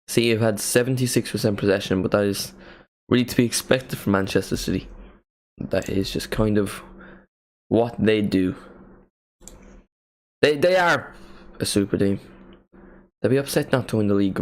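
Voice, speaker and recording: A man hosting a live match watchalong, giving casual play-by-play commentary with jokey asides and excited calls. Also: on the low side.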